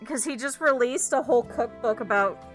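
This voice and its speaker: A woman streamer telling stories in casual, animated, profane talk, laughing often. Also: fairly high pitch, moderate pace, faint music behind. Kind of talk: casual livestream storytelling.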